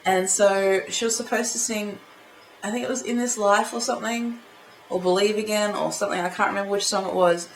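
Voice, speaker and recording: A young woman, chatting excitedly in a casual home vlog, full of fillers and gushing. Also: medium pitch, brisk. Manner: gushing, excitable fan talk with many fillers. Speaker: vlogger. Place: indoors at home. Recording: echoey room, light background hiss.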